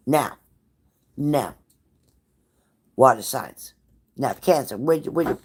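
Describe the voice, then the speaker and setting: A woman's voice: very deep voice, expressive, takes it slowly, pauses often, slight background noise. Woman, tarot reader, live reading, blunt, profane, repetitive, pep-talk delivery. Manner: repeats phrases for emphasis.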